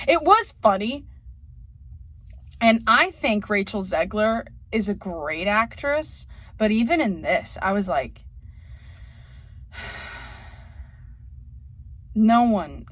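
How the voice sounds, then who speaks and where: A woman's voice: medium pitch, dry recording. A woman vlogger rambling through a casual, profane movie rant, laughing often.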